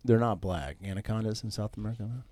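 A man's voice: lowish voice, quick pace, mellow. Man cracking crude jokes on a podcast. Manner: joking, profane, interjecting. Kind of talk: casual chat.

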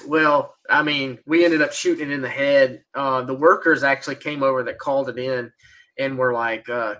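A man co-hosting a podcast in casual chat, laid-back and quick to laugh. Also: medium pitch, fairly even intonation, sharp tone. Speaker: podcast co-host.

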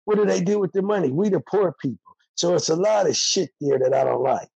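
A man's voice: sits high, a little fast, vocal fry, darkish tone, breathy edge, dry recording, poor audio. An older man, a former prisoner, speaking bluntly and heatedly in a candid interview with a streetwise manner.

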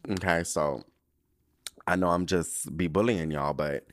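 Sassy, smooth-voiced male podcast host. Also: deep voice, fairly even intonation, a little slow. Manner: sassy and profane, slangy, laughs often. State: weary and stressed. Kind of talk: casual solo podcast monologue.

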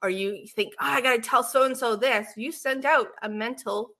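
A woman with a bright, clear voice talks in a relaxed, chatty way. She tells stories with animated swings between loud and soft. She sounds like a co-host easing into a conversation about meditation. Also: on the high side, moderate pace. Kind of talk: casual spiritual chat.

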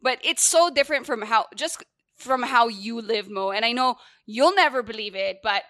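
High bright woman, emphatic. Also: animated, moderate pace, dry recording, studio quality. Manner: emphatic, switches between Tagalog and English, swears. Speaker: podcast co-host. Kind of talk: casual chat.

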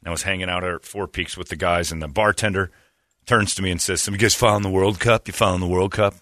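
A man's voice: low-pitched, fairly even intonation, quick pace, pushed and bright, dry recording, clean studio sound. A man hosting a radio show, telling self-deprecating stories and acting out the people he quotes. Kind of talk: casual storytelling on morning radio.

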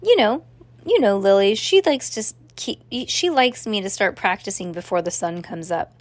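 A woman's voice: mid-range voice, animated, normal speed, no echo, natural voice. A woman voicing a laid-back, casual boy with slangy talk, in a storybook reading.

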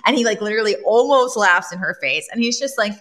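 A woman's voice: mid-range voice, lively intonation, quick pace, fairly bright tone. A woman co-hosting a casual recap chat, chatty and laughing often as she acts out quotes from the episode. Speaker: podcast co-host.

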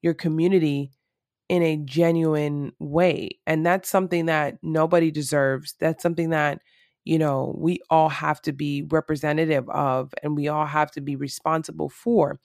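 A woman's voice: low-pitched, steady tone, normal speed, a little mellow, no echo, clean studio sound. A woman talking to camera in a casual, reflective monologue, earnest and rambling with lots of fillers.

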